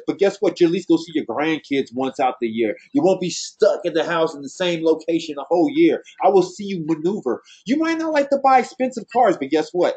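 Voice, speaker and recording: Fast-talking husky man giving blunt advice. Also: fairly high pitch, a little mellow. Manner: blunt, passionate, slangy. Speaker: team trainer. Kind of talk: motivational team talk. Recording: dull lo-fi sound.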